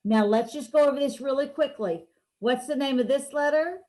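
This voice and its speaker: High-voiced encouraging teacher woman. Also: moderate pace, dark tone. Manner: encouraging, playful instructions. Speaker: reading teacher. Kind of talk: virtual one-on-one lesson. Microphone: video call. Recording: roomy echo.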